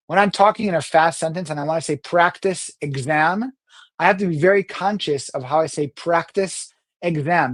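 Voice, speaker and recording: Middle-aged male speaking coach, animated delivery. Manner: animated, swings pitch and loudness to demonstrate. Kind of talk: talk to camera on communication skills.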